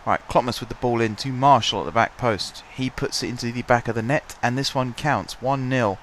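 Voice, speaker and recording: A man casually commentating his own football management game, his voice stuffy and blocked up, chatty and self-mocking, clearing his throat now and then. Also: mid-range voice, a little fast, a bit bright, slight background noise. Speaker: gaming commentator. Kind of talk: casual let's-play commentary.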